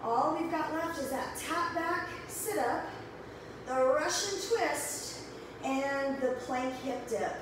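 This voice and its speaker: Breathless, high-voiced woman coaching a workout. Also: slow, background noise. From American Midwest. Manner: chatty, cues moves while exercising. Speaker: fitness instructor. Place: home workout room with mirrors. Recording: echoey room, voice from far off.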